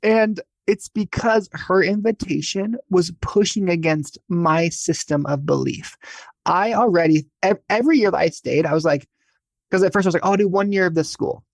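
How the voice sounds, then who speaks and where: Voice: mid-range voice, moderate pace, dry recording. A speaker in a casual spiritual podcast conversation, talking chattily in a self-mocking way with lots of fillers.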